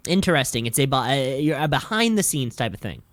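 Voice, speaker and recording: A man's voice: mid-range voice, sing-song, fast talker, fairly bright tone, dry recording. A man co-hosting a casual comedy podcast, teasing his co-host in mock-serious banter.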